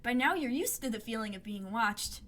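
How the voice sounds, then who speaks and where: A woman hosting a gaming video, reading the game's story text aloud and breaking into excitable, squealing reactions. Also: a little high, brisk.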